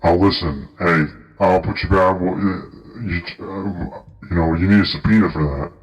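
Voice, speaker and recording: A man's voice: deep voice, steady tone, normal speed, faint music behind, poor audio. A man hosting an improvised comedy stream as a mock judge, goofy and rambling.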